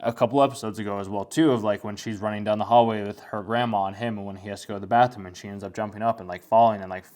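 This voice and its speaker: A young man with a fairly low voice talks through an anime in a loose, casual way. He rambles and leans on "like" at every turn, thinking out loud as he goes. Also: steady tone, very fast, few pauses. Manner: rambling, full of "like" fillers. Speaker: anime commentator.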